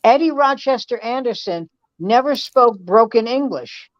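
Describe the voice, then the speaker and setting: A woman comedian in casual chat, telling stories in an animated, profane way. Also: on the high side, a little slow, no echo. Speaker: comedian guest. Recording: dull, dry sound.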